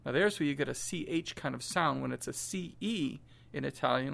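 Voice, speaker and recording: A middle-aged man teaching children a song's diction, saying each phrase slowly and patiently for them to echo back. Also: on the high side, gravelly, a bit bright. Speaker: music teacher. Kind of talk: call-and-response diction lesson.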